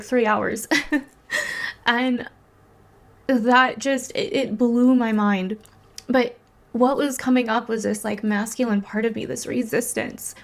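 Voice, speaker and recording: A woman astrologer talking to camera in a casual, confessional way, animated, full of "like" fillers and freely swearing. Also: on the high side.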